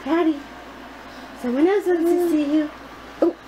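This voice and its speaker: A woman's voice: extremely high pitch, steady tone, unhurried, warm tone. A woman vlogging at home, talking to her baby son in sing-song baby talk and laughing often. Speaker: vlogger and mother. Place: home, indoors. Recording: noisy home video.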